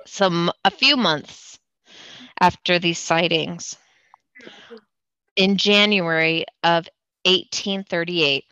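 A woman's voice: lowish voice, slow, long pauses, sharp tone, clear, resonant tone, dry recording, muffled recording. A tipsy woman hosting a podcast, reading a story aloud with giggling asides and apologies. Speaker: podcast host. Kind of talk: casual storytelling chat.

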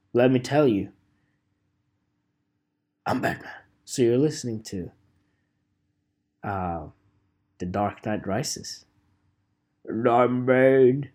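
A man's voice: medium pitch, lively intonation, takes it slowly, pauses often. A man in his twenties hosting a solo podcast, rambling in a joking, self-mocking way with fillers and swearing. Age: 20s. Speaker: podcast host.

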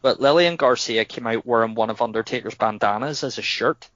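Male podcast co-host, animated and laughing, dry dull sound. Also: mid-range voice, brisk, dry recording. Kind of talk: casual wrestling podcast chat.

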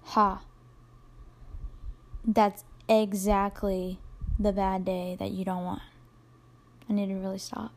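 A young woman talks alone into her podcast mic in a loose, rambling way. She keeps tripping over fillers and teasing herself as she goes. Her voice sits at an ordinary middle pitch. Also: level tone, slow, long pauses. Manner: rambling, self-deprecating, lots of fillers. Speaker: podcast host. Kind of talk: casual solo podcast monologue.

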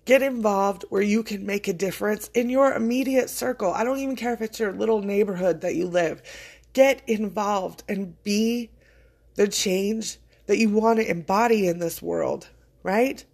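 A woman's voice: mid-range voice, normal speed, creaky, a little mellow. Earnest woman podcaster, heartfelt and casual. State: choking up with emotion. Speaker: podcast host. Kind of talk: casual motivational monologue.

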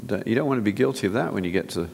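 A man's voice: lowish voice, animated, racing, gravelly, darkish tone, long reverb tail, a little hiss or hum. A man, a physician, giving an earnest, direct sermon-style talk to an audience, often restarting his sentences. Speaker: physician speaker.

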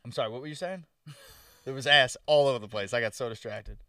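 A man's voice: mid-range voice, fast talker, bright, forceful tone, dry recording, clean studio sound, recorded from a distance. A young man in casual chat, cracking crude jokes and laughing often. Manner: joking, crude interjections, frequent laughter.

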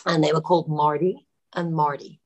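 A woman telling film-set anecdotes in a relaxed interview, often laughing as she talks. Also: sits low, moderate pace. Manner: animated, laughing storyteller. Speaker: actress guest.

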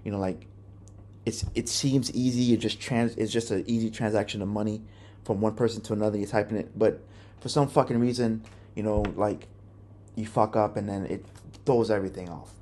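A man's voice: on the low side, steady tone, fairly quick, a little mellow, a little hiss or hum. A young man hosting a podcast, telling a personal story in a candid, profane, rambling way with many restarts. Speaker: podcast host.

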